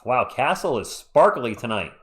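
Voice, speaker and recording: Calling a basketball game for fans on a live stream, this host chats with viewers and reads their messages between plays. His medium-pitched voice is very animated and fairly bright, at normal speed, and he sounds slightly congested.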